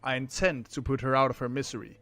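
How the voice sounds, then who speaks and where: A man's voice: medium pitch, little pitch movement, a bit bright, no room sound, lightly acted. A man reading as a cold scheming heir. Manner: cold, measured narration. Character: scheming young male heir plotting murder. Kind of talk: reading game narration aloud.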